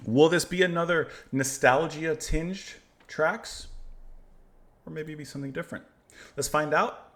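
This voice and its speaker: A man's voice: a little high, a little slow, a bit bright. A man hosting a music reaction channel, chatting casually and rambling, often laughing at himself. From United States. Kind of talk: casual chat.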